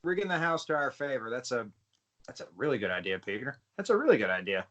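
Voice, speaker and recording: A man's voice: medium pitch, big pitch swings, fast, a bit bright, muffled recording. A man voicing Clancy, an approving man who repeats his praise emphatically in a tabletop game.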